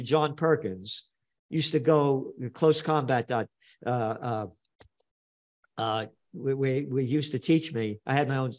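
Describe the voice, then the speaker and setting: Blunt older New man. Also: medium pitch. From New York. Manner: emphatic, blunt, repeats phrases for effect. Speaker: guest. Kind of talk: animated storytelling interview talk.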